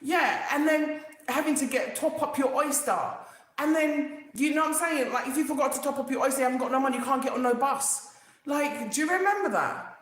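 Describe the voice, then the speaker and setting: A woman, hosting a casual live stream, animated and emphatic, repeating herself and talking straight to viewers. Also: high-pitched, fairly quick. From England. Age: 50s. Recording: very echoey room.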